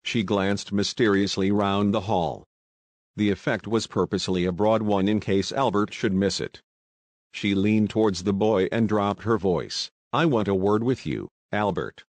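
A man reads a novel aloud at a steady, even pace. His voice sits on the low side. The recording is dry and close, with no room sound. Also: measured pace, no room sound. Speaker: audiobook narrator. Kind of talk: scripted audiobook narration.

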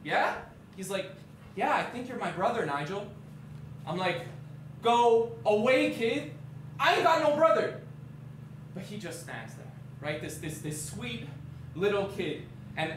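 A man's voice: sits high, slight background noise. A man playing a brash streetwise young guy. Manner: streetwise slangy storytelling, shouting bursts. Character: brash young Canadian man telling of a half-brother. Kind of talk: stage monologue. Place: theatre stage. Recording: echoey stage from far off.

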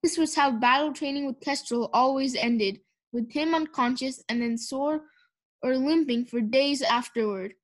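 Woman narrator, audiobook reading, expressive, steady, high voice. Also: a little slow. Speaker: audiobook reader. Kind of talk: children's book narration.

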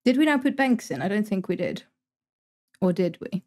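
This is casual gameplay commentary aimed at a live chat, delivered by a young Dutch woman from the Netherlands with a Dutch accent who reads messages aloud and answers wryly. Her medium-pitched voice has big pitch swings, a darkish tone, and a normal speed.

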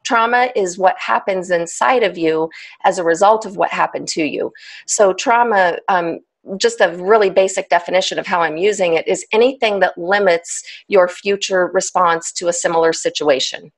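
A woman, a trauma specialist explaining ideas as a podcast guest, animated and laughing often. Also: lowish voice, moderate pace. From United States. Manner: animated, laughs often, acts out inner voices.

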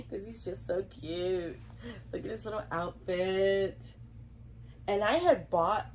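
A woman's voice: mid-range voice, creaky, darkish tone, a little hiss or hum, low-quality recording. A young woman with a Southern US accent, chatting to camera about her reborn dolls, congested from a cold and giggling often. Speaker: reborn doll collector vlogger. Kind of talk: casual chat to camera.

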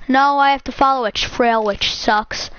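High-voiced chatty female gamer. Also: moderate pace, clean tone. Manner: chatty, excitable, repeats words. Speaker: gaming channel host. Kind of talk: casual gaming commentary. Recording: muffled lo-fi sound.

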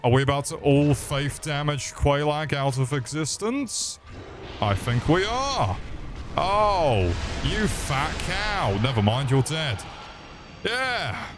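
A man's voice: on the high side, expressive, slow pace, background noise. A man giving crude, joking commentary over gameplay, swearing freely and mocking the enemies. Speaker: gaming video creator.

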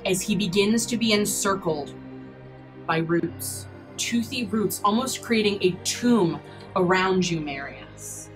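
A woman narrating a tabletop horror game as game master, descriptive and halting, with frequent restarts. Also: mid-range voice, soft background music, poor audio.

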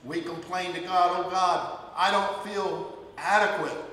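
A male pastor preaching a sermon in a church, emphatic and building to loud declarations. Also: high-pitched, level tone, measured pace. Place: church sanctuary. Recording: echoey hall, voice from far off.

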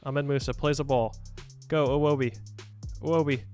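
A young man giving jokey, excitable commentary on his own football video game match, shouting at his players. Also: medium pitch, normal speed, faint music behind. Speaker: gaming YouTuber. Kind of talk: casual gameplay commentary.

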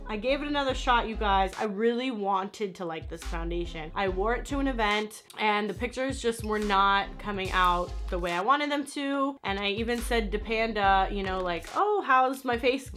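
A woman talking to camera as a beauty vlogger, giving a blunt, animated product review and swearing when annoyed. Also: medium pitch, normal speed, hardly any pauses, faint music behind.

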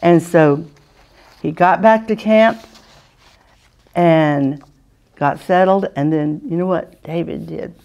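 A woman teaching a children's Sunday school lesson, patiently asking the children questions and often clearing her throat. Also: on the low side, slow pace, pauses often, a little mellow.

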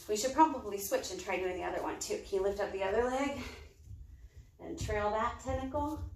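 Slow, coaxing children's librarian woman. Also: fairly high pitch. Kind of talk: kids' storytime with yoga. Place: on a balcony. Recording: roomy, distant mic.

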